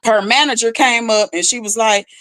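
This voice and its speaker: A woman's voice: a little high, normal speed. A woman rapper, telling a story as a podcast guest and acting out what people said. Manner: animated, acts out quotes, frequent "like". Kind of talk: casual storytelling.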